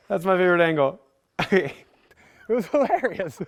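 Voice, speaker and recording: A man's voice: sits high, big pitch swings, normal speed, dry recording. A man in his thirties hosting a casual outdoor bike vlog, joking and laughing often. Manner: laughing, playful, hype shouts. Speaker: vlog host, bike rider. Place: outdoors at a dirt jump.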